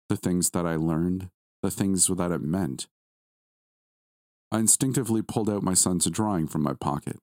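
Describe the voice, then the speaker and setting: Very deep guy reading a creepy first-person story, slow and grave, dry close mic. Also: a little mellow, dry recording. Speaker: story narrator.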